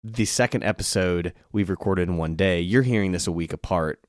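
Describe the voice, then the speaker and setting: A man's voice: low-pitched, brisk, no echo, clean studio sound. A man co-hosting a podcast, joking around playfully and a little tipsy from drinking. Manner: giggly, playful banter. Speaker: podcast co-host. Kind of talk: casual tipsy chat.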